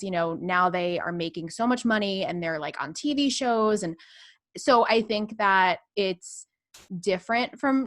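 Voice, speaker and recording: A woman's voice: fairly low pitch, a bit bright, no room sound. A woman who works in radio, guesting on a podcast and chatting casually with many fillers. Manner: chatty, filler-heavy, lots of "like". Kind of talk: casual chat.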